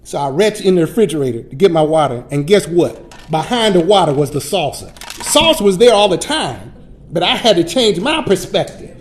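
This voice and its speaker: A middle-aged man, a pastor teaching Sunday school, telling folksy stories in a lively preaching style. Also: high voice, normal speed, a little hiss or hum. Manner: animated, folksy preacher who acts out his stories. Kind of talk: storytelling sermon-style lesson.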